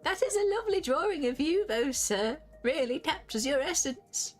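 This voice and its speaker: A frail old lady in a game, put on by a woman, high and quavering, sweetly doting on everyone. Her voice sits raised and thin, with faint music playing behind. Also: animated, moderate pace.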